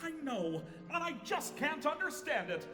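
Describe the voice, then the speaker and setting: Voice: high-pitched, big pitch swings, moderate pace, over music. A performer playing an earnest, lovesick young groom in a live stage musical, pleading and bumbling. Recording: echoey theater hall from afar.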